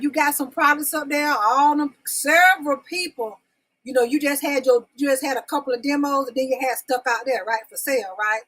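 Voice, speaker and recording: This woman's high voice sounds pushed and bright on a low-quality recording. On her live-stream talk show she chats casually with viewers, calling them y'all and babies, and keeps repeating her questions to coax replies in the comments.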